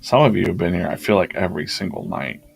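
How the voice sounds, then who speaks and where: A man's voice: deep voice, quick pace, creaky, soft background music. A man hosting a drawing livestream, chatting casually and laughing as he rambles through his past sketches.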